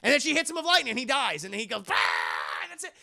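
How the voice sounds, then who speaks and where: A man streaming a casual, profane scene-by-scene movie recap to his live chat, quickly acting out the characters' lines. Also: very high voice, huge pitch swings, gravelly, pushed and bright. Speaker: streamer and film reviewer.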